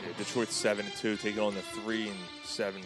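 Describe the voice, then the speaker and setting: A man's voice: lowish voice, little pitch movement, a little fast, over music. A man hosting a casual sports podcast, chatting in a laid-back, profane way.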